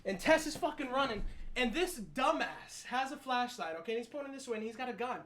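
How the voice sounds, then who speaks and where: A man recapping a horror movie in a casual, profane, excited and rambling way, seated at his desk. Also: very high-pitched, a little fast, slight background noise. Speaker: movie reviewer.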